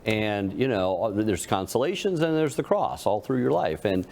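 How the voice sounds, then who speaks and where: A man's voice: fairly low pitch, animated, moderate pace, vocal fry, darkish tone. A man co-hosting a panel talk, telling a folksy joke and acting out its characters. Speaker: co-host. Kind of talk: casual panel talk with storytelling.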